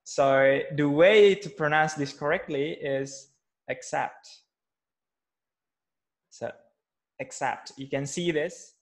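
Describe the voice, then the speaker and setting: A man's voice: fairly high pitch, measured pace, few pauses. A man teaching English pronunciation in an online class over a video call, patient and hesitant, with many fillers and restarts.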